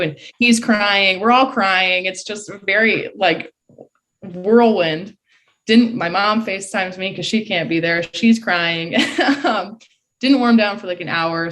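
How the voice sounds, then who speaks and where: A woman in her early twenties from Michigan, a guest excitedly retelling a race in a casual voice full of "like" fillers. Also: on the low side. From Michigan, USA. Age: early 20s. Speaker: podcast guest, college swimmer. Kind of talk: casual storytelling.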